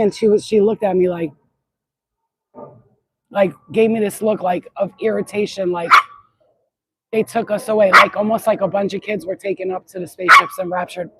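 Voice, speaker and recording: A woman's voice: mid-range voice, steady tone, moderate pace, fairly bright tone, slight background noise, rough recording. A woman channeler chatting outdoors in a yard into a phone, rambling, blunt and swearing freely in a casual spiritual vlog.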